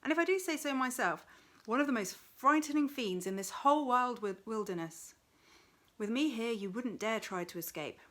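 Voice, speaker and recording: Woman reader as a trickster monster, male, gleeful and mocking, high-pitched. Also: expressive, normal speed, a bit bright. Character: gleeful, cold male monster who gives bad advice.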